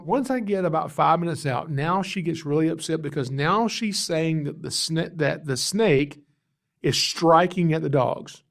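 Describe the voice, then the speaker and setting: A man hosting a podcast, casually telling stories about his calls as a snake catcher, animated and chuckling as he acts out callers. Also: fairly high pitch. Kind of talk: casual storytelling.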